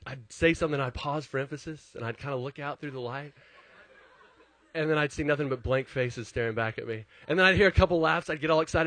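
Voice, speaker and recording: A male pastor preaching in a relaxed, conversational way, with a voice sitting in an ordinary middle pitch. He tells personal stories with animated, self-deprecating humor, and the sound is close and dry, with no room echo. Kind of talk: conversational sermon with personal storytelling.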